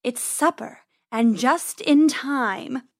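A woman voicing a sly, menacing female cat who purrs her slow words. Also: sits high, no echo, clean studio sound, heavily acted. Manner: slow, purring.

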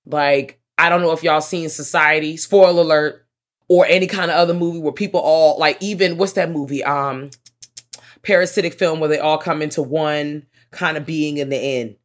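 A woman co-hosting a podcast, chatting casually about a horror film, animated and swearing freely as she acts out her reactions. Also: sits low, moderate pace. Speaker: podcast co-host. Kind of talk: casual chat reviewing a film.

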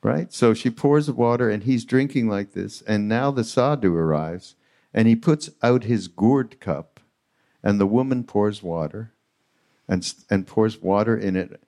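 A man hosting a podcast live on a retreat stage, telling a spiritual story in an animated way. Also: lowish voice, measured pace. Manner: animated storyteller acting out quotes. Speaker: podcast host.

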